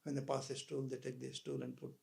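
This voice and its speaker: A man giving a live spiritual talk, telling stories with dramatic pauses and sudden swells in volume. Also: mid-range voice, very animated, vocal fry, dark tone. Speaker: spiritual speaker. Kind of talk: sermon with anecdote.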